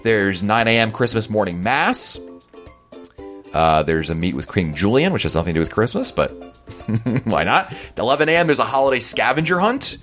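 A man's voice: on the low side, big pitch swings, moderate pace, fairly bright tone, soft background music. A man hosting a podcast in a casual, chatty, rambling way as he answers listener emails. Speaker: podcast host.

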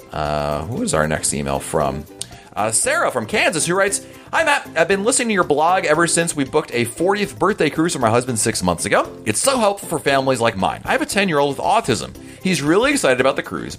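A man's voice: mid-range voice, fairly bright tone. A man hosting a podcast in a casual, chatty, rambling way as he answers listener emails. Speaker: podcast host.

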